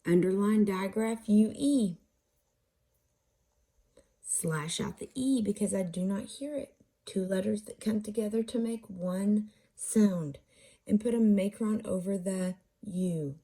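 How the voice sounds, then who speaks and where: A reading teacher with a medium-pitched, mellow voice teaches a phonics lesson, patiently walking through how to code words. She asks questions and then answers them herself, sounding out syllables slowly.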